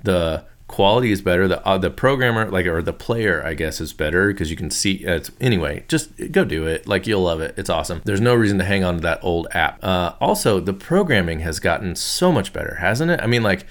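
A man's voice: low-pitched, expressive, fairly quick, hardly any pauses. A man hosting a radio show, chatting casually in a loose, joking, rambling way with lots of fillers and restarts.

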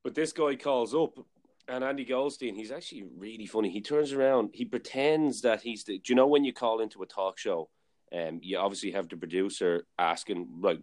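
Male podcast host, lower voice, loose chatty storyteller. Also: brisk, darkish tone. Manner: rambling storyteller, many fillers and restarts. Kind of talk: casual chat.

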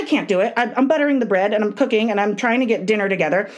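Profane, animated woman telling a story. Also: fairly high pitch, very fast. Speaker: podcast co-host. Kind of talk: casual chat.

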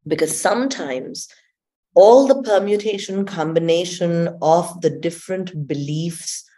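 Lower-pitched woman coach telling spiritual stories, lively, laughs a lot. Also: unhurried. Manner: expressive storyteller, laughs often and acts out quotes. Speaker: guest transformation coach. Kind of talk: spiritual conversation.

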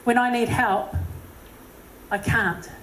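A woman with a New Zealand accent speaks to a live audience between songs, telling a story in a chatty, self-deprecating way. Her voice sits a little high. The sound is roomy, with faint ambience behind it. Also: steady tone, slow pace, fairly bright tone, slight background noise. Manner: chatty, self-deprecating, with many "you know" fillers. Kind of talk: personal story and encouragement talk.

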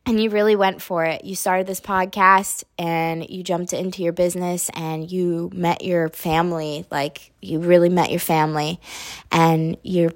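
A woman's voice: lowish voice, level tone, unhurried. Tearful, swearing young woman host. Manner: tearful, laughing, swears freely. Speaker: podcast host. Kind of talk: emotional casual chat.

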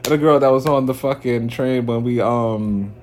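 A woman's voice: extremely low pitch, measured pace, darkish tone, a little hiss or hum. A woman in casual, slangy chat, reacting and laughing often.

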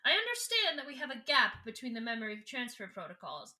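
A woman's voice: a little high, wildly swooping pitch, sharp tone, full character voice. A woman doing a stern alien judge. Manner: formal, measured.

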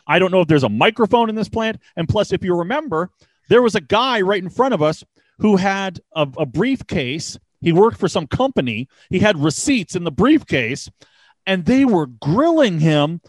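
A podcast host casually tells a road-trip story in an animated way, swearing freely and acting out the dialogue. His voice sits high, he speaks at a moderate pace, and there's no room sound.

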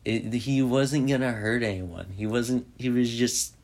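A man's voice: medium pitch, fairly even intonation, measured pace, hardly any pauses, darkish tone. A man casually recapping a movie in a rambling way, full of "like" and restarts. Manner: rambling, heavy use of "like". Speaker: movie reviewer.

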